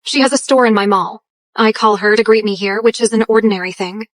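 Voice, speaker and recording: A woman's voice: mid-range voice, steady tone, fairly quick, no room sound, natural voice. An actress playing an arrogant young woman posing as a rich heiress, imperious and scornful, in an English drama dub. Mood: haughty.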